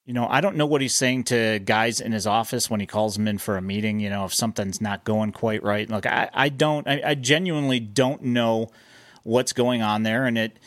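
A man's voice: on the low side, moderate pace, no room sound. Hesitant male co-host, dry close sound. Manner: hesitant, thinking aloud with many fillers. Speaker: podcast co-host. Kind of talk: casual sports chat.

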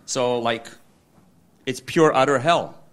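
A man's voice: medium pitch, slow, fairly bright tone. Rambling man with lots of fillers. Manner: rambling, many fillers and restarts; acts out quoted dialogue. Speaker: interviewee. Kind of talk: candid conversation.

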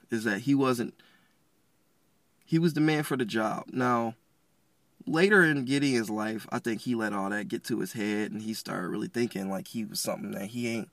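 A man's voice: fairly low pitch, no echo. A man hosting a podcast, giving a casual, rambling devotional talk full of slang and restarts. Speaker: podcast host.

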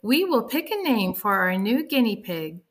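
A woman voicing a kindly schoolteacher in a sweet, slow, soothing voice. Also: on the high side, very animated. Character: sweet gentle female schoolteacher.

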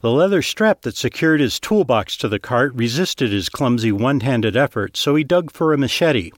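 A man reading scripted fiction narration in a steady, even storytelling manner, close to the mic. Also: mid-range voice, moderate pace, dry recording.

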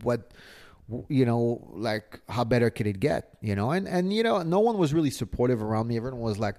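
A man with a French accent, telling a story as an interview guest, animated, restarting often and swearing casually. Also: medium pitch, brisk. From France.

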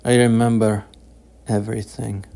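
A man reading the part of a despairing former officer who confesses past crimes in a hushed, slow, trembling voice. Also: on the low side, little pitch movement, vocal fry. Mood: anguished.

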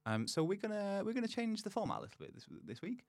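A man's voice: high-pitched, big pitch swings, quick pace, no room sound, clean studio sound. A man hosting a podcast in a playful, chatty way, often laughing. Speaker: podcast host. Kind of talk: casual chat.

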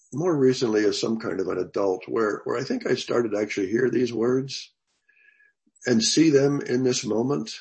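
An older man teaching a Bible class in a thoughtful, conversational way, pausing and restarting as he goes. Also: fairly low pitch, vocal fry, a little mellow.

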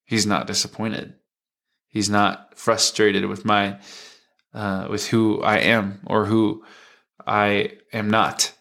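A man in his twenties, a worship leader, giving a reflective, earnest personal testimony in a conversation, halting now and then with fillers. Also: on the low side, little pitch movement, creaky, pushed and bright. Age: 20s. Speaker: worship leader, podcast guest.

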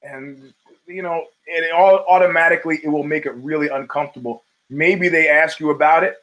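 A man's voice: on the high side, steady tone, a little fast, fairly bright tone, low-quality recording. A middle-aged man hosting his own podcast, talking in a loose, digressive way with many fillers and restarts. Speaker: podcast host. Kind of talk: casual rambling commentary.

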